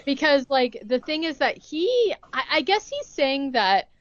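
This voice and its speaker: A woman's voice: high voice, sing-song, a little slow, a bit bright, highs cut off, slight background noise. A young woman co-hosting a podcast, retelling a movie plot in casual chat, full of "like" and acted-out quotes. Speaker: podcast co-host recapping a movie.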